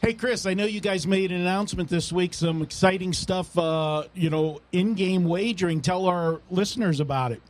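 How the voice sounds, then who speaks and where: High-voiced enthusiastic male podcast host. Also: moderate pace, few pauses. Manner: enthusiastic, effusive. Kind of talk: hosting a sports betting podcast.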